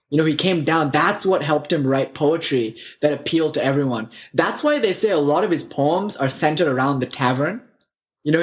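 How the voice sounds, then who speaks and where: A man with a somewhat high voice tells spiritual stories in a loose, casual way. He talks animatedly and leans on lots of fillers and asides as he goes.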